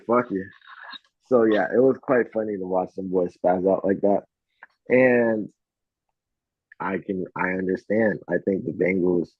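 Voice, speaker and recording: A man's voice: sits low, husky, no room sound. A man co-hosting a casual sports betting chat, swearing freely and telling stories with animation. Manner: profane, animated storytelling. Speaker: podcast co-host. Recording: tinny phone-like sound.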